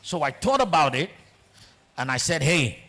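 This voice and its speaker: A man with a Nigerian accent giving a motivational talk in a large auditorium, telling a story in an animated way that swings between loud and hushed. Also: a little high, moderate pace. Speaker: guest speaker.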